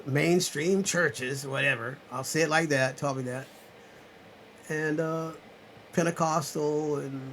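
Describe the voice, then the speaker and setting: A man from South Carolina hosting a live chat at his home computer, rambling and preaching, swinging from loud insistence to muttered asides. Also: a little high, slight background noise, poor audio. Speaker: channel host on a live chat. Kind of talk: rambling preachy livestream talk. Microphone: computer webcam mic.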